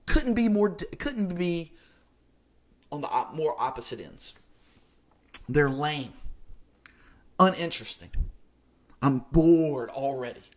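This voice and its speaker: A man hosting a solo podcast, talking through his pet peeves with high energy, jumping between loud emphatic bursts and quiet asides. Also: animated, slow pace, pauses often. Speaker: podcast host.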